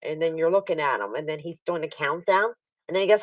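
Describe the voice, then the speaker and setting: Laughing, storytelling woman, low voice. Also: fast talker, no room sound, recorded from a distance, rough recording. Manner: animated storyteller, laughs often, acts out other people's lines. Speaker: livestream host. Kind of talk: casual chat.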